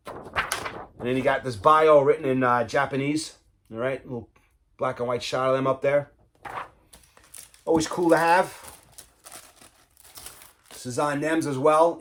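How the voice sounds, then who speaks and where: A man casually chatting about his record collection, enthusiastic and rambling, humming riffs and often saying "man.". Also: medium pitch. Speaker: vinyl collector vlogger. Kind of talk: casual chat showing records.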